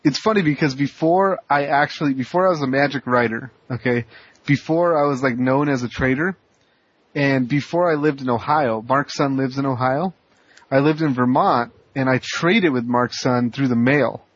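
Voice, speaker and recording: A man co-hosting a podcast, telling a rambling, animated anecdote full of restarts. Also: mid-range voice, moderate pace, breathy edge, no room sound. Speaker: podcast co-host. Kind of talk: casual chat, storytelling. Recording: muffled lo-fi podcast audio.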